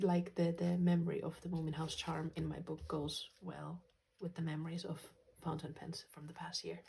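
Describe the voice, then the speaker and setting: A woman from Finland talks through her journaling in a soft, gentle vlog voice, often sinking to a near whisper. Her tone is low and mellow, with a gravelly fry in it. Faint noise sits under her voice. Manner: soft-spoken, gentle, slips into quiet whispers. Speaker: journaling channel host. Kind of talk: casual vlog talk.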